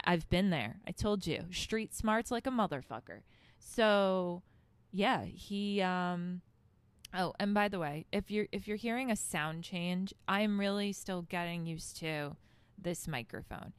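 A woman's voice: mid-range voice, clean tone, no room sound. Blunt, profane woman podcaster. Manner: blunt, profane and chatty with laughing asides. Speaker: podcast host. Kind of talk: casual storytelling monologue. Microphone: handheld microphone held close.

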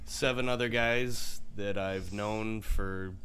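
A man's voice: fairly low pitch, slow pace, slight background noise. A man co-hosting a podcast, telling a story among friends with lots of laughter. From Iowa. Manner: laughing, animated storyteller acting out voices. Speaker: podcast co-host. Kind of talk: casual storytelling chat. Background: crowd of friends in a house.

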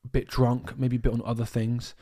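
A man from the UK co-hosting a podcast, telling a travel story in a rambling, animated way with lots of restarts. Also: medium pitch, brisk. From United Kingdom. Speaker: podcast co-host. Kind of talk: casual storytelling chat.

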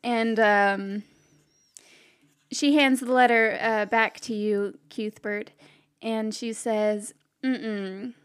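A woman narrating a tabletop game as game master, unhurried and with many fillers. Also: a little high, steady tone, clean tone.

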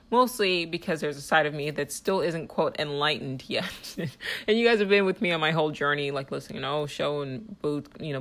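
A woman's voice: low voice, a bit bright. A woman hosting her own podcast, talking in a heated, rambling monologue full of "like" fillers. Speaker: podcast host. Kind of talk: casual monologue.

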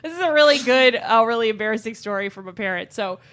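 A woman co-hosting a podcast, chatting casually and spinning giggly stories. Her voice sits a little high and has a bright, forceful ring. She is from Southern California. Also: fast. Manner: giggly, animated storyteller. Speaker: podcast co-host. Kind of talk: casual chat and storytelling.

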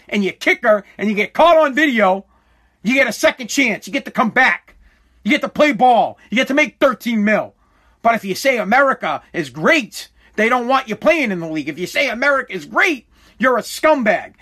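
A man with a high voice talks straight to his live chat. His tone is bright and sharp, and he rants fiercely, swears a lot and keeps repeating himself. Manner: fiery, profane, repetitive. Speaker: livestreamer. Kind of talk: heated ranting commentary to live chat.

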